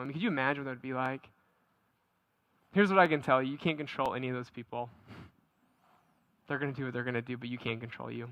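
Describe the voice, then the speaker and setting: A pastor preaching a conversational sermon, animated, often repeating words and asking the congregation questions. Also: male voice, medium pitch, no echo.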